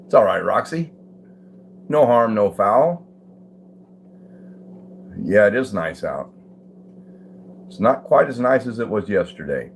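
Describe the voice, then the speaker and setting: Laid-back older guy on a home livestream, lowish voice, faint room hum behind. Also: big pitch swings, takes it slowly, vocal fry, pauses often. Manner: easygoing, greets viewers by name, chuckles. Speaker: livestream host. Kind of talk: casual live chat reading comments. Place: at home, indoors.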